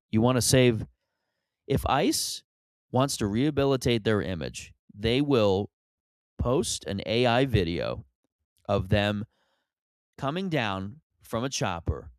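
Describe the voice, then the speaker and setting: A man, hosting a solo comedy podcast and rambling in an animated way, with many restarts. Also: on the low side, no room sound. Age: 30s.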